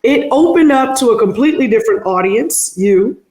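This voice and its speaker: A woman's voice: a little high, animated, a little fast, darkish tone, echoey room. A woman hosting an interview podcast, asking questions and reading sponsor copy. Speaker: podcast host.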